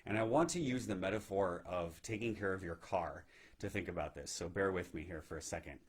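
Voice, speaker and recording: A man giving a gentle, reflective spiritual teaching talk on meditation, often checking in with "right?". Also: sits low, brisk, slightly rough. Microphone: live video stream.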